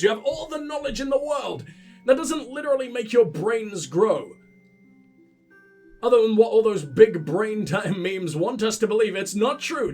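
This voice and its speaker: A sick man with a headset, mocking the game in sweary let's play commentary and laughing at his own jokes. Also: high voice. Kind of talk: casual gameplay commentary.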